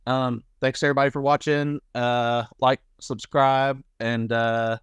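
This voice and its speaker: Male podcast host, smooth resonant tone, dry close sound, easygoing. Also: mid-range voice, unhurried, dry recording. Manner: relaxed, laughs often, many fillers. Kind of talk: casual chat.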